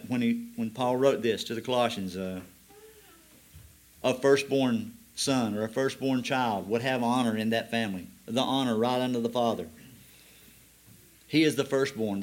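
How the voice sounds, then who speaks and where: Man preaching, slow emphatic scripture reading. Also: mid-range voice. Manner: reads scripture slowly, then explains with rising emphasis. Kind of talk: sermon.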